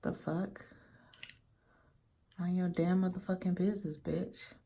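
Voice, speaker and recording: Low-voiced tipsy woman, profane and rambling. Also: steady tone, a little slow, dark tone. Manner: profane, rambling, playful trash talk. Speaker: beauty vlogger. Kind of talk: casual makeup tutorial chat.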